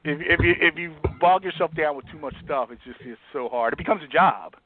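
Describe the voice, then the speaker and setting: A man chatting as a comedian guest, animated and laughing often, often trailing off and restarting mid-sentence. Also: a little high, a little fast. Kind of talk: casual phone interview chat. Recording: tinny phone line.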